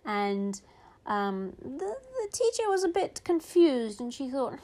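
A woman tells a funny story in an animated, chatty way, slipping into the characters' voices as she goes. Her pitch sits fairly high and moves a great deal through each sentence. She talks casually, restarting the odd phrase. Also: takes it slowly.

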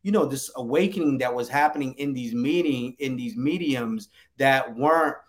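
A man's voice: mid-range voice, moderate pace. A man talking casually and emphatically about his graphic novel, with lots of slang and fillers. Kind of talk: casual interview chat.

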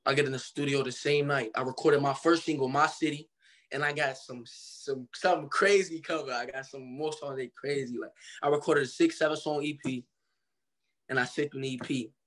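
A man's voice: mid-range voice, fairly even intonation, brisk, fairly bright tone. A young man from Cincinnati, Ohio, telling his story as a guest artist in a casual interview, loose and slangy, acting out the people he quotes.

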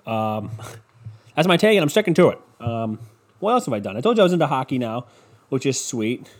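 A man's voice: medium pitch, darkish tone. Man, casual podcast host, profane, rambling, mocking imitations. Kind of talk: casual solo monologue.

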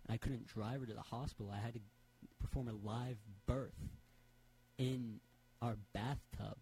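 A man's voice: mid-range voice, steady tone, a little slow, warm tone, breathy edge, low-quality recording. A man voicing a downtrodden male moth who rambles and stammers through his troubles. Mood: woeful.

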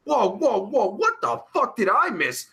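A man's voice: very high-pitched, very animated, measured pace, bright, forceful tone. A man hosting a live show, reading chat messages aloud and answering them in a rambling, vulgar, easily riled way. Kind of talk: crude casual live-stream chat.

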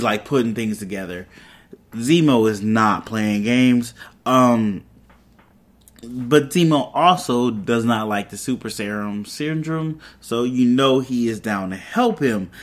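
A man hosting a podcast, retelling a TV episode in a loose, chatty way with side comments. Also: mid-range voice. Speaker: podcast host. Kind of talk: casual episode recap.

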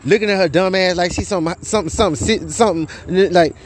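A man's voice: sits high, fast talker, slight background noise. A young man telling a long, rambling, profane story about a custody fight, repeating "you know what I'm saying" and trailing off into restarts. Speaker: father telling his side of a custody dispute. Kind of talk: casual storytelling monologue. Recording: faint music behind.

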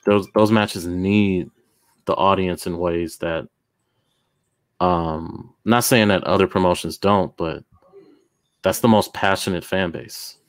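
A man co-hosting a casual wrestling chat show, talking things through thoughtfully with many fillers. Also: low-pitched. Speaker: podcast co-host.

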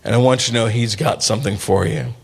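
A man's voice: on the low side, lively intonation, fast, husky. A man preaching a sermon in a conversational way, calling on the congregation for responses and acting out the voices in his stories. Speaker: pastor.

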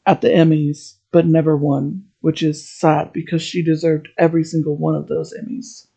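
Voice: medium pitch, level tone, moderate pace, gravelly, mellow, slightly rough. A podcast host giving a heartfelt, rambling solo monologue.

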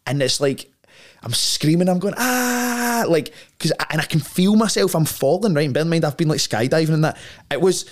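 Animated man telling a story. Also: a little high, fairly quick. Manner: animated, slangy, full of fillers like "like" and "right?". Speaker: podcast guest. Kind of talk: casual conversational storytelling.

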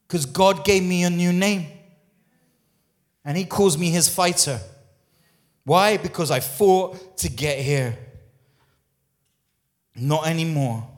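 A man preaching a sermon as lead pastor, emphatic, repeating phrases and asking the congregation questions. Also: a little high. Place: church.

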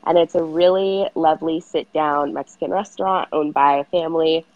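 A woman's voice: sits low, fairly even intonation, a little fast, a little mellow, dry recording, muffled recording. A woman in her late twenties from Southern California, chatting as an interview guest, bubbly, laughing often, saying "like" a lot. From San Fernando Valley, California. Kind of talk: casual interview chat.

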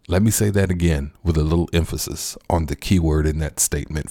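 A man preaching a sermon, addressing listeners as friends and repeating key lines slowly for emphasis. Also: a bass voice, steady tone, vocal fry, mellow, no room sound, clean studio sound.

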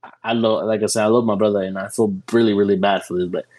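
A young adult man, a podcast guest, telling a story in a casual, animated way, full of "you know" and "dude". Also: on the low side, fast, poor audio.

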